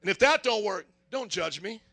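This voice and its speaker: A man's voice: high voice, animated, moderate pace, creaky, bright, forceful tone. A man preaching a sermon, firing rhetorical questions and acting out little dialogues.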